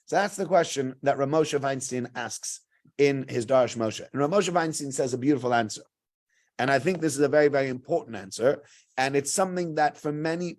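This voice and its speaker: A man's voice: medium pitch, a little mellow. A middle-aged man, a rabbi giving a casual sermon, telling stories in a chatty way and acting out the people in them. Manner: chatty storyteller, acts out quotes, laughs often.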